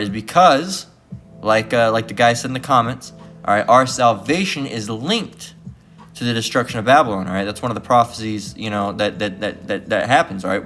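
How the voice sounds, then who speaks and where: A man's voice: mid-range voice, a bit bright. A man giving rambling religious commentary, full of repeated fillers and restarts.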